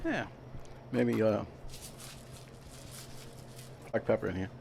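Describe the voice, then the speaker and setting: In a veterans' hall kitchen, a man hosts a casual home cooking demo, rambling along and checking in with "all right?" His voice is on the low side, slow, sing-song, and creaky with a darkish tone, over slight background noise.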